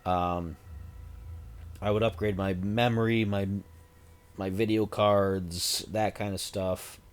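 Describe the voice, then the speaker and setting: A man's voice: fairly low pitch, level tone, slow, clean tone. A man in his forties chatting casually on a livestream, rambling with self-deprecating, jokey asides into a desk microphone. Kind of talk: casual stream chat.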